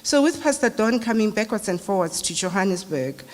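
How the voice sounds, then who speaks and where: A woman's voice: medium pitch, expressive, fairly quick, darkish tone. A middle-aged South African woman giving a eulogy at a memorial service, in a conversational, anecdotal storytelling way. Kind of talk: memorial speech. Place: large hall. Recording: long reverb of a large hall.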